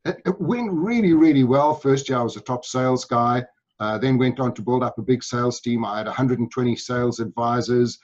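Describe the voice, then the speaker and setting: A man's voice: medium pitch, fairly quick, a little mellow, highs cut off. A man with a South African accent, telling stories with upbeat enthusiasm as a guest in an interview. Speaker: guest sales speaker.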